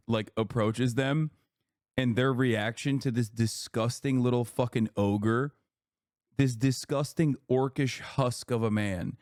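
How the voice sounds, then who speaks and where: A man's voice: mid-range voice, a little mellow, dry recording, clean studio sound. A man giving heated, scornful reaction commentary on a video, swearing often.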